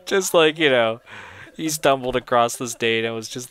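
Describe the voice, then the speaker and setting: A man's voice: medium pitch, animated, measured pace, a bit bright. A young man giving casual audio commentary on his own film, rambling and chatty, often laughing at his own jokes.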